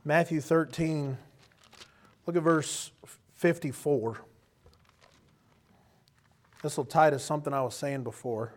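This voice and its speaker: High-voiced impassioned preacher man. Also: fairly even intonation, slow pace, long pauses. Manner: impassioned preaching, swings from quiet to loud; acts out voices of others. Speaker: pastor. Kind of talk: sermon.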